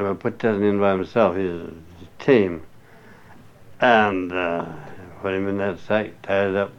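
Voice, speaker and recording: A man's voice: fairly low pitch, clear, resonant tone. Older man spinning folksy yarns. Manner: folksy, salty, chuckling yarn-spinner. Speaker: interviewee. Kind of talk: rambling oral-history storytelling. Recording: muffled lo-fi recording.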